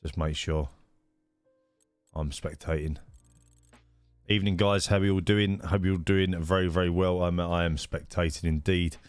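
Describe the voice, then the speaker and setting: A man's voice: deep voice, steady tone, normal speed, pauses often, clear, resonant tone, no room sound, faint music behind. A man hosting a live stream of a racing league, chatting casually and greeting viewers by name with lots of fillers.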